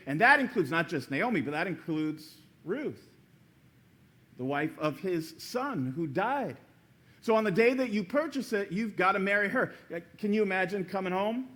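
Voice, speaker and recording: A man delivers a church sermon in a fairly high voice. He tells the story with energy, slipping into little acted voices for the people in it. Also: moderate pace. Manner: animated storytelling, acting out quoted voices. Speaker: pastor.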